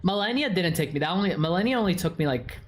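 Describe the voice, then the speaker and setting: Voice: medium pitch, animated, fast talker, a little hiss or hum. A streamer with a stuffy nose, casually chatting with viewers and answering their questions, full of crude swearing and mock insults.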